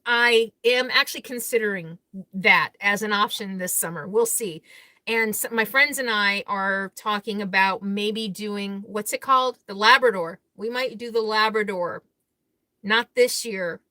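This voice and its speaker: A woman with a somewhat high, bright voice chats casually on a live stream, answering viewer comments one after another. She is candid and blunt, and she laughs easily between thoughts. The sound is dry and close, with no room echo. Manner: blunt and outspoken. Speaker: RV vlogger hosting a live Q&A.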